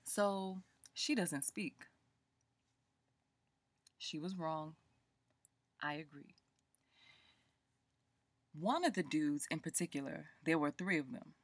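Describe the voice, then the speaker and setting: Woman, low voice, animated casual rant, dry close sound. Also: slow pace, long pauses, no room sound. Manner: animated, colloquial, quoting people in voices. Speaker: book vlogger.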